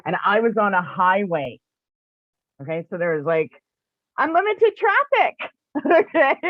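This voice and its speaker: A woman's voice: on the low side, dry recording. A woman from eastern Canada telling a personal story in a chatty way, with many "like" fillers and frequent laughs. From Canada, New Brunswick area. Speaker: spiritual shop owner and teacher. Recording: dry, phone-like narrow sound.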